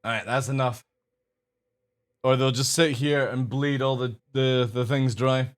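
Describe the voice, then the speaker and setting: A man streaming live, chatting casually to his viewers and coaxing his dogs with a high sing-song voice. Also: fairly even intonation, measured pace.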